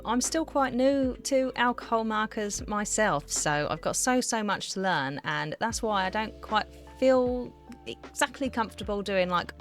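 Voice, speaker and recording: A woman with a low voice talks through her art vlog in a relaxed, chatty voiceover. She giggles often and runs herself down. Faint music plays underneath her words. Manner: chatty, giggly, self-deprecating. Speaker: art vlogger. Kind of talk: casual voiceover narration. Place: home art studio.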